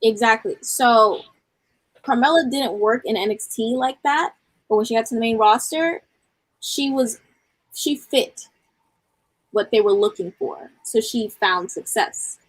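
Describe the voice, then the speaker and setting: A woman's voice: on the high side, unhurried, no echo, low-quality recording. A woman co-hosting a casual wrestling podcast, making confident, analytical points and teasing her co-host. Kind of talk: casual wrestling review chat.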